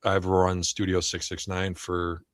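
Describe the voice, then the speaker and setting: A man's voice: low-pitched, completely flat delivery, a little slow, no room sound, clean studio sound. A middle-aged man, a guest on a live interview, talking in a laid-back, blunt and playful way. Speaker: guest, studio founder and artist. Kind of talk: casual interview chat.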